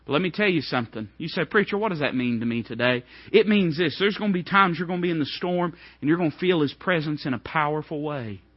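A man preaching a sermon, swinging from hushed, low lines to ringing, high outbursts. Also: lively intonation, fast, few pauses, slightly rough, no room sound, dull audio.

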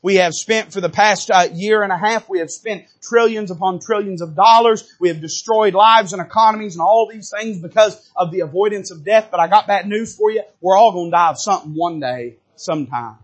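In a church sanctuary, a pastor preaches a fervent sermon straight to his congregation, his pitch and loudness rising and falling sharply. He talks a little fast with few pauses.

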